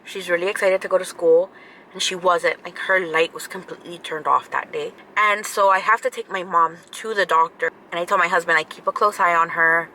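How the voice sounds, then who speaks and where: A woman's voice: on the low side, steady tone, a little fast, sharp tone, slight background noise, rough recording. A woman in her thirties, a vlogger telling a story casually to camera, chatty and repeating herself for emphasis.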